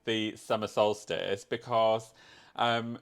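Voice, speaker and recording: A man's voice: on the low side, little pitch movement, takes it slowly, gravelly. A man from the UK co-hosting a podcast, chatting playfully with a friend. He tells gossipy stories with relish. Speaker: podcast co-host. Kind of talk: casual chat.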